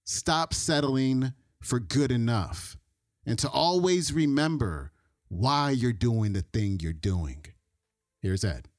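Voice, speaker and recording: A man's voice: mid-range voice, expressive, takes it slowly, dry recording, clean studio sound. Upbeat male podcast host. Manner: upbeat, sing-song announcer delivery. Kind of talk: scripted show intro.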